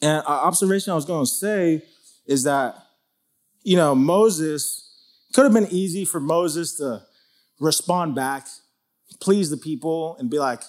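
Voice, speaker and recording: A man teaching through a Bible passage in a relaxed, conversational way, with lots of "like" and "you know". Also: a little high, unhurried. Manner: conversational, full of "like" and "you know", acts out quotes.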